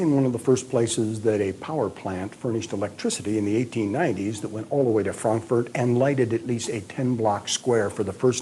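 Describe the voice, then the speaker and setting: An older American man, a retired history professor, recounting a past trip in a measured, detailed storytelling way. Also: on the low side, warm tone, slight background noise. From United States. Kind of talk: reminiscing storytelling.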